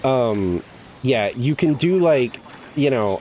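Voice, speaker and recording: A man's voice: medium pitch, takes it slowly, warm tone, a little hiss or hum. A man streaming a game, chatting casually and rambling with lots of "like" and casual swearing. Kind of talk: casual chat while gaming.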